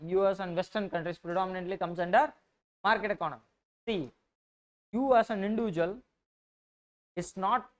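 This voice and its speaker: A woman with a Tamil-influenced Indian English accent giving a classroom economics lecture. She dictates notes, repeats key points, and keeps asking whether the students are following. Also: medium pitch. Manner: dictates notes, then explains. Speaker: economics teacher.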